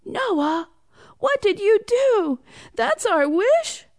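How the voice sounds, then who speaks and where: A woman voicing an excited young boy, calling out loudly in a raised, high voice. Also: moderate pace, husky, no echo, full character voice. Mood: dismayed.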